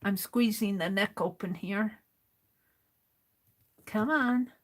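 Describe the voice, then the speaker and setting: A woman's voice: medium pitch, takes it slowly. An American woman hosting a craft livestream, chatting casually and muttering to herself as she sorts through supplies.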